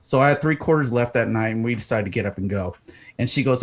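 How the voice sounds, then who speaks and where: A man co-hosting a podcast who tells a story casually and animatedly, jumping in pitch for emphasis. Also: brisk. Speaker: podcast co-host.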